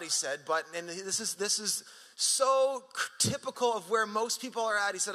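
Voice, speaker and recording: A man preaching a sermon as pastor in a church auditorium, animated and jokey. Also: high voice, normal speed. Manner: animated, jokey, raps a song line for laughs. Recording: long hall reverb with faint music.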